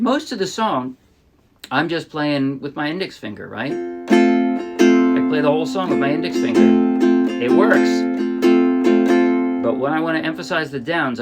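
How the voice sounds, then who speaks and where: Gravelly-voiced man teaching ukulele. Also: medium pitch. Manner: relaxed, explains with restarts and sung demos. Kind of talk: casual music tutorial. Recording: ukulele playing behind.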